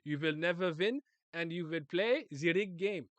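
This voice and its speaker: A man reading the part of a cruel, mocking noble hunter from a comic, his voice dropped lower and softer. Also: little pitch movement, fairly quick, dry recording, lightly acted. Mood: sneering. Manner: mocking, low and sneering.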